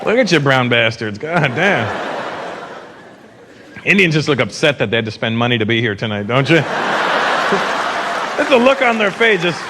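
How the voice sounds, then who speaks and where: A man doing a stand-up comedy routine on a live stage, animated and slipping into mocking impressions. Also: mid-range voice, moderate pace, long pauses, crowd noise. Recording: live show with loud audience and noise.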